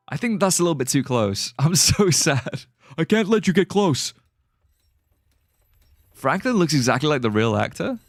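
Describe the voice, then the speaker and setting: Guy streaming a game, super lively voice, just chatting to chat, soft music behind. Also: a little high, vocal fry, dry recording. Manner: chatty, reacts to and greets chat. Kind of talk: casual live-stream chat.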